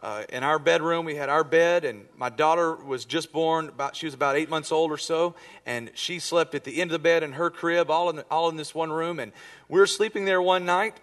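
A man in his thirties, a pastor preaching a sermon, telling personal stories and acting out quoted lines with sudden swings between loud and hushed. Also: on the high side, brisk. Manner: storytelling with acted-out quotes, dramatic swings in volume.

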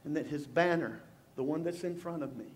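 Middle-aged guy pastor, pretty high voice, sermon w/ jokes then goes quiet and intense. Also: fairly quick. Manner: storytelling, swings from loud jokes to hushed intensity.

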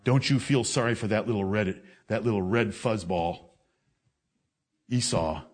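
Fiery man preaching a sermon. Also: unhurried. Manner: swings between loud raised declaiming and low, intense reasoning; confrontational, scolds listeners directly.

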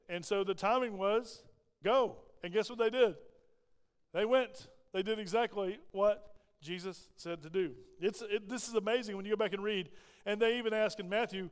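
High-voiced pastor preaching in reverberant hall. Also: male voice, normal speed, smooth. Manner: emphatic, rising and falling preaching delivery. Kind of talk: sermon. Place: church sanctuary.

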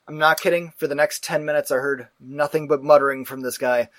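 A man hosting a casual talk show, telling a story in a profane, animated way and acting out the people in it. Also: fairly high pitch, fairly quick, dry recording. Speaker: podcast host.

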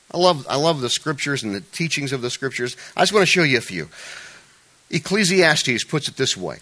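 A male pastor delivers a sermon with a bright, forceful tone. He is animated and playful, with frequent restarts and joking asides. His pitch swings widely as he preaches.

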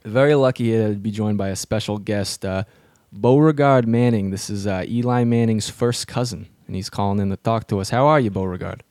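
Low-voiced male host, rambling sports-radio comedy, dry close sound. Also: fairly quick, hardly any pauses, a little mellow, no echo. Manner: rambling, full of fillers. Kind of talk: comedic radio show banter.

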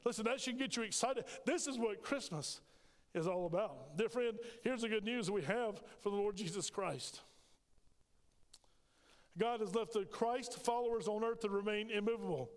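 High-voiced fervent preacher man, hall echo. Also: normal speed. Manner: fervent preaching with sudden shouts. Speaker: pastor. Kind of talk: sermon. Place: church sanctuary. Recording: long reverb of a large hall.

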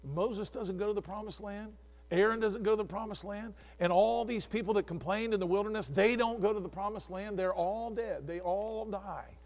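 A male pastor preaching a sermon, calling on congregants by name and swinging from hushed asides to shouts. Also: high voice, moderate pace, in a large hall.

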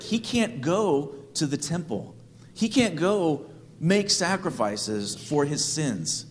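A man's voice: a little high, in a large hall. A man preaching a sermon as a pastor, telling stories in a conversational way with humorous asides.

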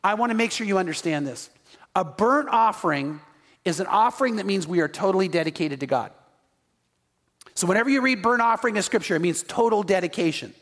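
A man's voice: high voice, animated, brisk, a bit bright, long reverb tail. A male pastor preaching a sermon with emphatic rhetorical questions, reading Scripture aloud.

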